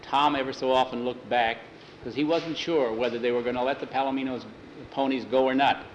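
A man's voice: mid-range voice, fairly even intonation, a little fast, muffled recording, slight background noise. Homespun male storyteller. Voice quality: homespun, repeats "he says" often. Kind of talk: reading a western story aloud.

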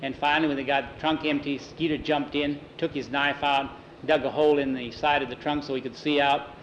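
A man telling a story aloud in a plain, unhurried way. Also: a little high, steady tone, a bit bright, lo-fi sound, a little hiss or hum.

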